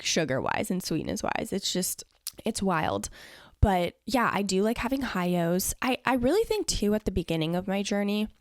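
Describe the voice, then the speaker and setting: A woman's voice: mid-range voice, gravelly, no room sound, clean studio sound. A young woman hosting a podcast, answering listener questions in a casual, earnest solo chat full of "like" and "you know". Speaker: podcast host.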